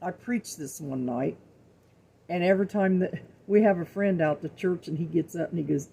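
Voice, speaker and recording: A middle-aged woman hosts her home cooking show and drifts into earnest, folksy talk about faith. Her voice is mellow and gravelly, with a fry at the ends of phrases. She repeats words to drive a point home. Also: on the low side, normal speed. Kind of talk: casual faith-filled talk to viewers.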